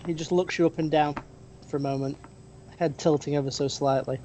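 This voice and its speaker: A game master narrating a tabletop role-playing game, pausing often with ums and restarts. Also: medium pitch, steady tone, mellow, slight background noise, rough recording. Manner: hesitant, many ums and restarts.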